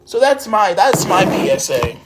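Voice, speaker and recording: A man's voice: high-pitched, very animated, a little slow, background noise. A man from Harrisburg, Pennsylvania, ranting into his phone on a live stream, heated and profane. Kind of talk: angry live-stream rant.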